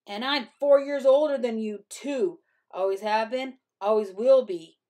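A man's voice: a little high, takes it slowly, pushed and bright, husky, exaggerated voice. A woman reading aloud voicing a boastful red-haired older boy who sneers and taunts his little sister. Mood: sneering.

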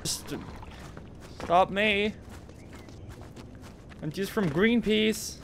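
A man's voice: high-pitched, extremely slow, a bit bright. A man commenting on horror games at home into a desk microphone, shrieking, swearing and joking at the scares. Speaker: gaming video creator. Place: home recording setup with a green screen. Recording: noisy home game recording.

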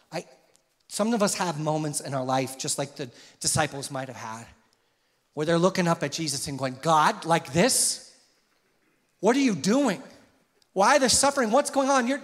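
Impassioned pastor in a reverberant church. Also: male voice. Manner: impassioned, rises in pitch and volume on questions. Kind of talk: sermon. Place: church sanctuary. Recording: long hall reverb.

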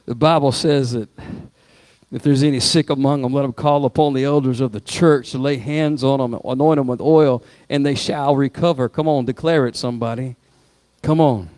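A man preaching a sermon as pastor, swinging from loud rising exhortation to quiet spoken prayer. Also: medium pitch, no room sound. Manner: preaching with rising shouts, then hushed prayer. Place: church sanctuary.

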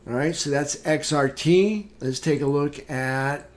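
A man hosting a live trading room, calmly talking through market charts with casual fillers. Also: a little high. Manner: unhurried, plain chart commentary with fillers. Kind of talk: live market recap walkthrough.

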